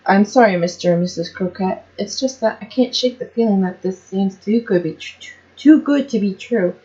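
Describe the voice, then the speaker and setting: A woman's voice: mid-range voice, normal speed, warm tone, close to an everyday voice. A young peasant girl, outspoken and curious, from a read-aloud story, voiced by a woman. Her delivery is plain and direct. The recording is slightly muffled. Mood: apologetic.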